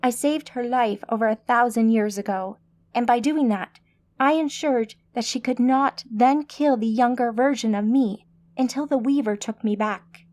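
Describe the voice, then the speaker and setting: A woman narrator voicing a calm, formal, centuries-old female mage, in an audiobook. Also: fairly high pitch, normal speed, close to an everyday voice. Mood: composed.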